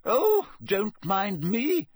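A man reading a storybook aloud and voicing an irritable old woman in a portrait, with sarcastic, drawn-out lines. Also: high voice, wildly swooping pitch, no room sound, clean studio sound, voice pushed up, heavily acted.

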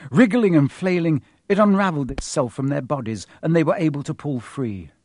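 A man narrating a storybook aloud with a husky voice, reading expressively and giving each character a voice. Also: fairly high pitch, expressive, a little fast, a little mellow, no echo, clean studio sound.

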